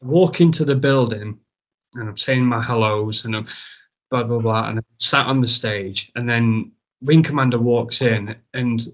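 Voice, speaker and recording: A man's voice: mid-range voice, a bit bright. A man, a wrestler as a guest, casually telling a rambling, self-mocking story and swearing freely.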